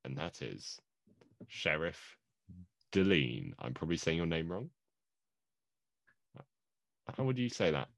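A playful man with a low voice co-hosts a casual movie podcast. His pitch swings widely as he jokes and laughs along. The sound is dry and close. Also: wildly swooping pitch, vocal fry, dry recording. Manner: joking, playful, quick to laugh. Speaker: podcast co-host.

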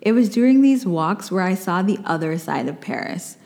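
A woman's voice: medium pitch, lively intonation, normal speed, gravelly, darkish tone, big-room sound. A woman from the United States who hosts a podcast, reading her own personal essay aloud with reflective, wry asides. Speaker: podcast host.

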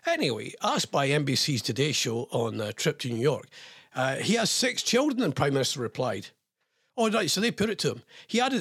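A man's voice: on the high side, big pitch swings, moderate pace, fairly bright tone, slightly rough, no room sound, studio quality. A man hosting a casual, sarcastic, rambling news commentary. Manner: rambling, sarcastic, chuckling asides. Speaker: host.

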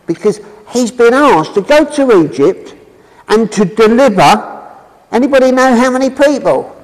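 A man's voice: extremely high pitch, animated, moderate pace. A man giving an informal, chatty sermon and asking his listeners questions. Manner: chatty, asks the audience questions. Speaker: preacher. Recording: long reverb in a hall.

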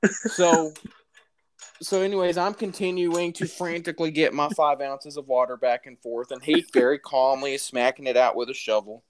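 Man, casual storytelling, animated, slightly higher voice, laughs as he talks. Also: normal speed. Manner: animated, laughs while telling story, says dude. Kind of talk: casual chat.

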